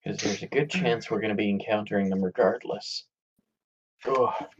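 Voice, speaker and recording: A man's voice: lowish voice, moderate pace, slight background noise. A man chatting casually and joking on a video call. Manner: joking, self-described smart aleck. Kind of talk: casual chat between game sessions. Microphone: video call mic. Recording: dull lo-fi call audio.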